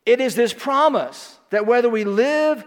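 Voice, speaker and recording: Middle-aged male pastor, high voice, emphatic folksy sermon, big reverberant sanctuary. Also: lively intonation, a little slow. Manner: emphatic, folksy storytelling with rhetorical questions. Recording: long reverb of a large hall.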